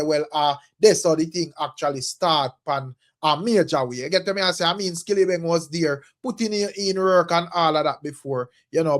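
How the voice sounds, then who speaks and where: A man's voice: fairly high pitch, a bit bright. A man with a Jamaican accent hosting a casual gossip commentary, talking to viewers in a chatty way and repeating stock phrases. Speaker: entertainment gossip host.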